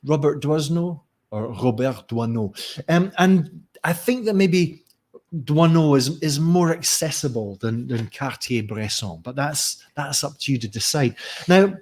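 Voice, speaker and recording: A man's voice: fairly high pitch, a little slow. A man talking casually as a teacher trainer in a live lesson, musing aloud with frequent restarts. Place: Barcelona.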